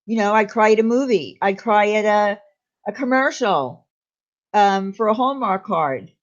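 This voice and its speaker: A woman talks openly on a casual live stream, confiding in her viewers and answering them by name. Her voice sits at a middle pitch for a woman. The sound is dull and lo-fi, like home stream audio. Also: measured pace. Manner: candid, confiding, reads out viewer names.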